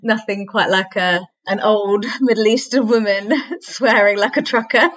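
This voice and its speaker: A woman's voice: mid-range voice, poor audio. A woman, a podcast guest, telling family stories in a reflective way and laughing often. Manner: reflective, warm storytelling with frequent laughter. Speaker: podcast guest, author and singer. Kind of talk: conversational interview.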